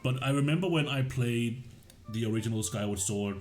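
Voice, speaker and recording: A male streamer chats loosely while he plays, trailing off and restarting his thoughts. His voice sits at a middle pitch. Faint game music runs underneath. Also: brisk, a little mellow. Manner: rambling, reads game dialogue aloud. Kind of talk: let's play commentary.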